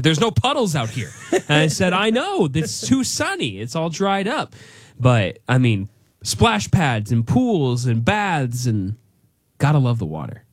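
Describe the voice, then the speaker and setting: A young man in a casual chat, talking in a relaxed, easygoing way with fillers. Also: mid-range voice, dry recording, studio quality.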